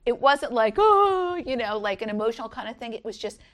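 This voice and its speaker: A middle-aged woman speaks earnestly at an Easter devotional, reading scripture aloud and sharing stories. Her voice sits slightly higher than most. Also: steady tone, fast talker. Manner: earnest, rises high when voicing others.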